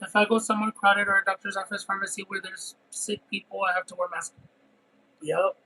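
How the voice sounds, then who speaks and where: This man's voice is high-pitched and a little fast, and the audio is poor. He's a livestream host who eats and reads chat while chatting casually and rambling through expressive, detailed stories.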